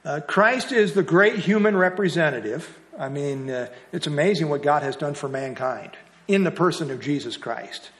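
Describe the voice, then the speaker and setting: A man's voice: fairly high pitch, animated, normal speed, a bit bright. A man leading a Bible study, explaining a passage earnestly and repeating key phrases for emphasis.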